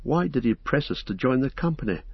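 A man voicing a cautious, earnest young male hobbit in an audiobook, raising his pitch above his own. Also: lively intonation, fairly quick, slightly rough, no room sound, muffled recording. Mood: anxious. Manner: wary, earnest, indignant. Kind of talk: audiobook character voice.

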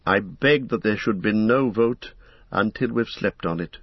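A man reading the part of a small, gentle young hobbit in an audiobook, speaking softly and with hesitation. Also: fairly low pitch, unhurried, slightly rough, dry recording, muffled recording. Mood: hesitant.

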